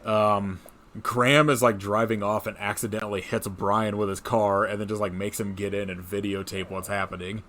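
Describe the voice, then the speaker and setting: Male co-host, lowish voice, loose rambling movie recap full of fillers and laughter. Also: level tone, moderate pace, fairly bright tone, slight background noise. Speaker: podcast co-host. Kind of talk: casual chat recapping a movie.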